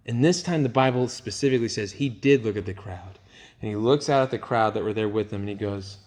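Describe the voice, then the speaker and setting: A man's voice: fairly low pitch, a little fast. A young man, a youth pastor, teaching a Bible lesson and acting out the people in the story. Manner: animated storytelling, acting out voices of crowd and Jesus.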